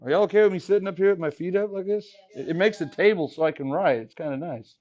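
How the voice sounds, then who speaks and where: A man teaching math to a classroom, his voice a little high for a man. He talks casually, cracks small jokes and keeps asking the class questions. The recording is dull and lo-fi, as if taken from the back of the room. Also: fast, a little mellow. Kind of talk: classroom lesson.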